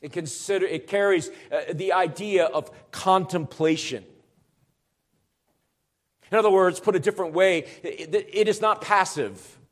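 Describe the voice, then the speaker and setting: A pastor delivers an expository sermon in a notably high voice for a man. He explains things in an earnest, teacherly way and presses his points with rising, emphatic urgency. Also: measured pace.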